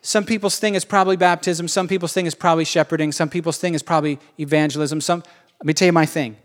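A preacher voicing a fervent apostle, speaking in driven, repeated declarations. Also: male voice, on the high side, steady tone, quick pace, natural voice. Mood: zealous. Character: fervent apostle, man, single-minded preacher. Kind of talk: sermon.

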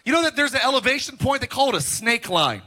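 A middle-aged man preaching a sermon as pastor, telling stories in an animated, joking way. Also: very high-pitched, quick pace. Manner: animated, joking storytelling with laughs.

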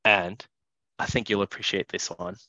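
A man's voice: low voice, level tone, moderate pace, pushed and bright, dry recording. A young man co-hosting a casual football podcast, blunt and opinionated, tripping over repeated words when he gets going. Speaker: podcast co-host. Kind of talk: casual chat.

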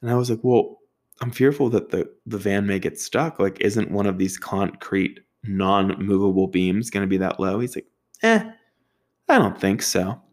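A man's voice: fairly low pitch, fairly even intonation, moderate pace, darkish tone. A young man telling a casual, profane anecdote, acting out other people's voices and sound effects with a self-mocking manner. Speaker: storyteller.

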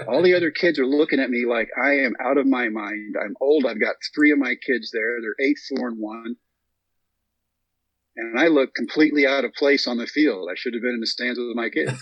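A man's voice: medium pitch, fairly quick, husky, muffled recording. A man in his thirties from Texas, a guest telling a long story and acting out what people said. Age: 30s. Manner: animated storyteller acting out quotes. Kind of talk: storytelling interview.

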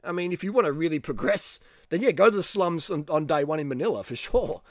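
A middle-aged man with an Australian accent, talking straight to the viewer in a blunt, animated way and swearing freely. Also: a little high, fast, dry recording, clean studio sound. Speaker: travel vlogger. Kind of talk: casual monologue.

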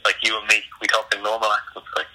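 A man's voice: on the low side, completely flat delivery, fast, pushed and bright, husky, poor audio. A young man chatting as a podcast guest, blunt and sweary, with lots of "like". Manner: blunt, sweary, heavy use of "like". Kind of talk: casual chat.

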